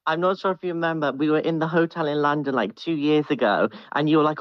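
A woman fan speaking to her idol in an online audio room, gushing and halting with fillers. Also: low voice, dry recording. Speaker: fan calling in. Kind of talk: casual online audio chat. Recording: dull lo-fi call audio.

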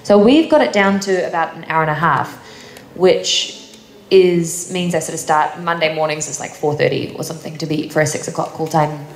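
A woman's voice: deep voice, moderate pace. A young woman with a New Zealand accent, answering fan questions at a convention panel, chatty and laughing often between fillers. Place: convention hall. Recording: echoey hall, faint noise.

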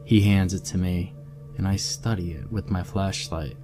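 A man narrating a horror story in a measured, steady reading. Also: low voice, music in the background.

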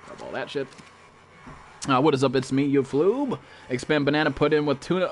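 A man streaming a game live, chatting casually and excitably with viewers and swearing constantly. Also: a little high, fairly quick, slight background noise. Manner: profane, excitable, calls viewers bro and dude. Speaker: gaming streamer.

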